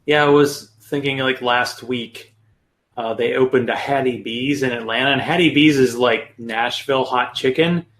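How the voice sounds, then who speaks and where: Man, podcast host, casual chat, relaxed, rambling, lots of "like". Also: medium pitch, moderate pace, slight background noise. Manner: relaxed and rambling, many "like" fillers.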